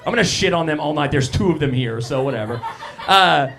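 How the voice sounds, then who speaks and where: A young man does stand-up on a small cafe stage, his voice sitting fairly high for a man. He talks loosely and casually, riffing with the crowd and poking fun at himself into a handheld mic. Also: lively intonation, fairly quick, vocal fry, background noise. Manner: casual, self-deprecating banter with the crowd. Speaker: stand-up comedian. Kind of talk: live stand-up set. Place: live comedy cafe stage.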